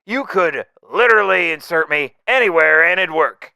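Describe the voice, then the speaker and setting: A man voicing a wisecracking, unhinged male mercenary in a fan audio drama, jokey and manic, swinging between whispers and shouts. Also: on the high side, lively intonation, moderate pace, creaky, smooth, dry recording, clean studio sound, full character voice. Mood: manic teasing.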